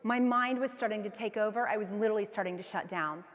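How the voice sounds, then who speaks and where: A woman in her forties giving a motivational keynote speech, telling a personal story with animated delivery and acting out her own inner voice. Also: mid-range voice, fast. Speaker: keynote speaker. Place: large convention hall. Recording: long hall reverb from the PA.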